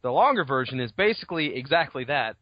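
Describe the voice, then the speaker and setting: A man co-hosting a casual book podcast, talking in an animated way and swearing freely as he acts out scenes. His voice sits at an ordinary middle pitch. The recording is dull and lo-fi but dry, with no room sound. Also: quick pace, no room sound. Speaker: podcast co-host.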